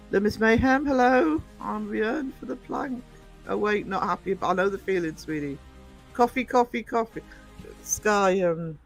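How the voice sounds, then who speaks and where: A woman's voice: on the low side, rough recording. A woman from northern England hosting a casual live stream, chatty, reading out the chat and laughing often. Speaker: livestream host.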